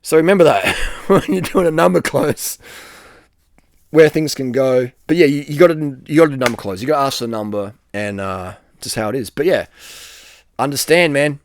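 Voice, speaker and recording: Expressive and speaking at a moderate pace, a blunt, foul-mouthed middle-aged man rambles casually through some advice. His sentences often fade out on a quiet, low word, and there's no room sound.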